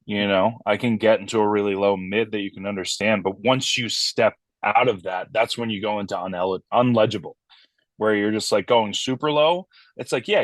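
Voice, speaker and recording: A man's voice: on the low side, no room sound. A man who fronts a metal band, chatting casually as an interview guest, swearing freely and acting out voices as he tells stories. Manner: animated storyteller, swears freely, acts out quoted voices.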